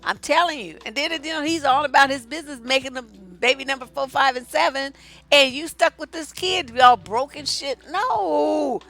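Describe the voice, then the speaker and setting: A woman's voice: high voice, normal speed, vocal fry, soft background music. A woman relationship coach, giving blunt, profane, sassy advice while answering viewer questions on a live stream. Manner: profane, sassy, animated storytelling.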